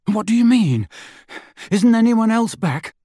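A man's voice: high-pitched, animated, measured pace, dark tone, slightly rough, dry recording, studio quality, pitched above the performer's own voice, full character voice. A man voicing a shaken, guilty teenage boy wizard who talks breathlessly and pleads.

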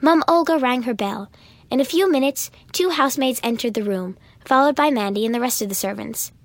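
High-voiced woman reading a storybook. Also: a little fast, no room sound. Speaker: audiobook narrator. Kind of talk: first-person storybook narration.

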